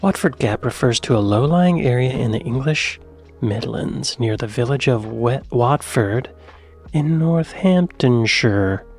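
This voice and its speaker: An American man hosting a casual reaction video, muttering and repeating words aloud to try them, often half-whispered. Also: medium pitch. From United States. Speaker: reaction channel host.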